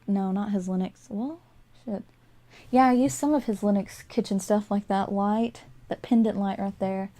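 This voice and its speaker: Young woman, mellow warm voice, rambling chatty game commentary, sleepy. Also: mid-range voice. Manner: rambling, chatty, with frequent fillers and little laughs. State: sleepy, yawning. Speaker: game building vlogger. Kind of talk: casual voice-over commentary while building. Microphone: desk microphone.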